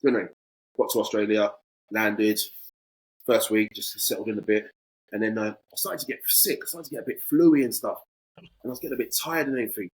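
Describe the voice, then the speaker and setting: A man's voice: lowish voice, fairly even intonation, brisk, husky, rough recording. A man in his forties, a podcast guest telling a casual anecdote with animation and acting out both sides of conversations.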